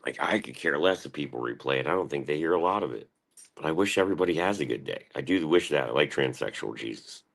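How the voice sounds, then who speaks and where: A young man with a very low, deep voice rambles through a morning stream monologue. He swears freely and keeps referring to himself in the third person. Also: expressive, fast talker, creaky. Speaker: live streamer.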